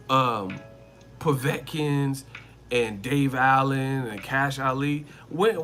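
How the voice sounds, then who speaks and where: A man riffing on a live stream in loose, slangy talk. He hammers his points and says them again and again. His voice sits at an ordinary middle pitch, with a little music playing faintly behind. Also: sharp tone. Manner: slangy, emphatic, repeats himself. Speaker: boxing commentary channel host. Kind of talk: casual live-stream commentary.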